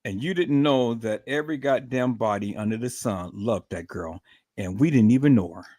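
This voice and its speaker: A man's voice: medium pitch, moderate pace, a little mellow, no echo, clean studio sound. A man giving angry commentary, swearing and repeating himself as he rants at the woman in the clip. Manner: furious, profane, repetitive ranting. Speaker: live stream commentator.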